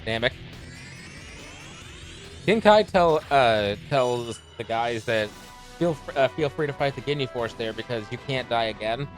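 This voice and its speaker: A man's voice: medium pitch, lively intonation, a little slow, pauses often. A man joining a live let's play as co-commentator, making wry jokes and offering strong opinions. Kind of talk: casual banter over gameplay. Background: faint game music.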